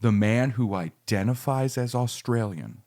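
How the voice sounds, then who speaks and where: A man co-hosting a comedy podcast, telling stories in a casual, animated way and mimicking the people in them. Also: mid-range voice, measured pace. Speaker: podcast co-host.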